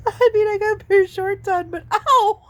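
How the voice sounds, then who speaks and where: A woman's voice: extremely high pitch, fairly even intonation, moderate pace, a little mellow. A woman vlogging casually, laughing often and slipping into baby talk with a kitten. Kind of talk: casual vlog chat.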